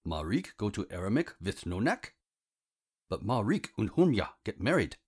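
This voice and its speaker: A man's voice: fairly low pitch, very animated, normal speed, darkish tone, husky. A man doing a hulking barbarian with a thick accent. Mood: puzzled. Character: huge hulking barbarian man, simple and sullen. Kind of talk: audiobook character voice.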